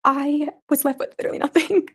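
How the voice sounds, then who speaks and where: A young woman testifying in court, speaking haltingly with many fillers. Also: sits high, steady tone. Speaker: trial witness.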